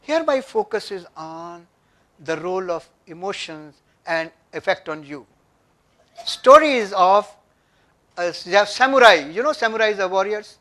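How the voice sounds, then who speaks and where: A man's voice: high-pitched, lively intonation, a little slow, a bit bright. An older man with an Indian English accent giving an emphatic motivational workshop talk and often asking the audience questions. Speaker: workshop speaker. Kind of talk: motivational lecture. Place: conference room.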